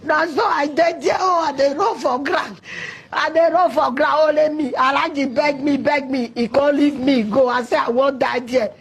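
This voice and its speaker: Woman, Nigerian Pidgin accent, emotional storytelling, very high pitch, cries and shouts. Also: fairly even intonation, normal speed, a little hiss or hum. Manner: distraught, voice breaking into cries and shouts. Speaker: caller recounting an ordeal.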